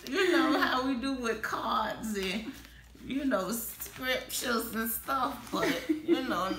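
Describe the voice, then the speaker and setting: Woman, young adult, gravelly, animated pitch, echoey room. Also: slow, a little hiss or hum. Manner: exclamatory, gushing. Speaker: vlogger. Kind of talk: casual chat.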